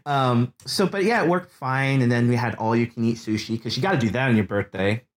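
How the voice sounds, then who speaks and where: A man's voice: medium pitch, brisk. A man in his thirties, a podcast guest, candidly telling a personal story, earnest and emotional, rambling with restarts. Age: 30s.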